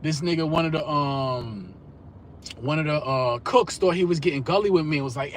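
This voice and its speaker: A man's voice: fairly high pitch, moderate pace, slight background noise. A man in his thirties telling rambling, profane stories in streetwise slang on a live stream. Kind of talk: casual storytelling rant.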